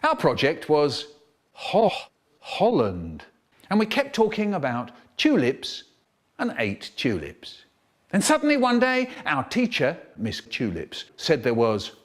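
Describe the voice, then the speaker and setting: His voice is fairly high-pitched with a breathy edge. This storyteller animatedly shares remixed comic tales from his childhood, imitating how the people in them sounded.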